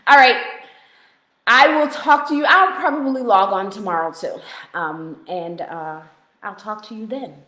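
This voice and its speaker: Slow, bright-voiced woman coach in an echoey room. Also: mid-range voice. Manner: playful, laughs often, motivational. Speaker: weight-loss coach. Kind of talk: casual live-stream chat.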